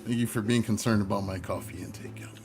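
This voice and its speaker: A man's voice: fairly low pitch, fairly even intonation, fast, music in the background. A middle-aged man, a tarot reader, chatting casually and slangily to his livestream viewers. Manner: laid-back, chatty, slangy.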